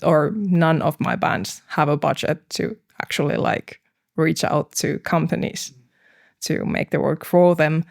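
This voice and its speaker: A woman's voice: low-pitched, vocal fry. A young woman, a band's business person and vocalist, talking things over hesitantly in a casual podcast conversation. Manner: thoughtful, hesitant, with frequent fillers and laughs. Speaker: band manager and vocalist, podcast guest.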